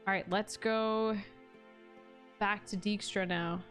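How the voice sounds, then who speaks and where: A woman's voice: medium pitch, steady tone, takes it slowly. A woman streamer giving chatty, sarcastic, casual let's-play commentary. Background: game music.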